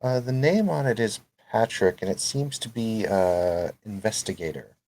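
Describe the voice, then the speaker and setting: A man voicing a calm, kindly woman who offers help, speaking gently and a bit hesitantly. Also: fairly low pitch, moderate pace, pitched above the performer's own voice. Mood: reassuring.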